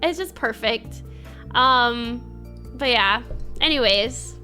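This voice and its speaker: Young female streamer, casual chat and giggly storytelling, a bright voice with faint music behind it. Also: on the high side, slow pace. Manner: reads chat and thanks viewers.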